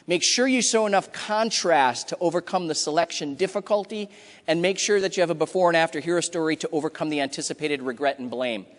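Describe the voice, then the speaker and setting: A high-pitched man delivers a punchy, emphatic keynote in a large hall with long reverb. He is middle-aged and acts out customer quotes in quick asides. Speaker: conference keynote speaker. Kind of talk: energetic conference talk. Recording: hall reverb from a big room.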